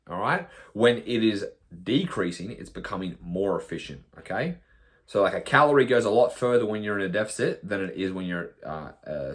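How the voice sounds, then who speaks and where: Blunt swearing male nutrition coach. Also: fairly low pitch. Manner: blunt, swears often, mimics clients in quoted asides. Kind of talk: blunt podcast monologue.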